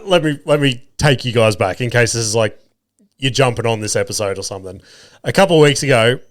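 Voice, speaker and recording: On his solo podcast, a thirty-something male host rambles through crude stories and cracks himself up. His mid-range voice is smooth, captured in a dry, clean studio recording.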